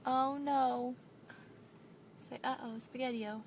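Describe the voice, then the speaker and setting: A mother filming a home video on a handheld camera, coaxing and praising her toddler in a slow, sing-song way. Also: high-pitched, steady tone, slight background noise. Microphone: handheld camera she is holding.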